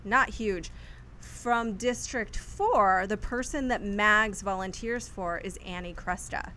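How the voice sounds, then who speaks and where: A woman co-hosting a casual movie chat, talking in a chatty, excitable way. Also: medium pitch, slow, slight background noise. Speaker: co-host.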